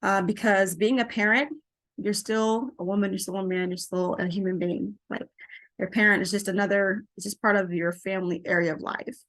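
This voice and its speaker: A middle-aged woman giving parenting advice to camera in a casual, animated way, laughing often and repeating phrases for emphasis. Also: mid-range voice, a little fast. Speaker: parenting coach.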